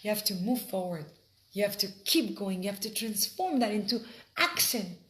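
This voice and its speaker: A woman teaching an informal Torah lesson in an expressive way, often asking her listeners questions. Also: medium pitch, moderate pace, slight background noise. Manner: expressive, asks rhetorical questions.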